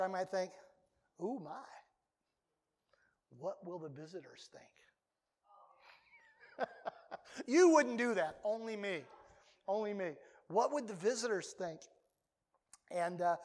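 High-voiced older pastor preaching in a hall. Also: male voice. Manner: conversational preaching with sudden loud outbursts. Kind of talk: sermon.

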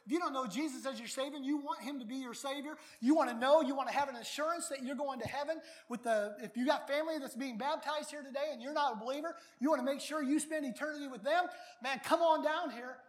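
A middle-aged male pastor preaching a baptism sermon in a folksy, animated way, sometimes breaking into shouts. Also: very high voice, quick pace.

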